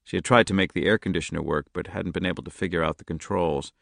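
A man narrating a novel in a steady, measured audiobook reading, close to the mic. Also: low voice, gravelly, no room sound. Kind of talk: scripted narration.

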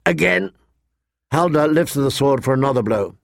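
A man narrating a fantasy novel in a measured storytelling manner, voicing the characters. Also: mid-range voice, dry recording, clean studio sound. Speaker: audiobook narrator. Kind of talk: scripted narration.

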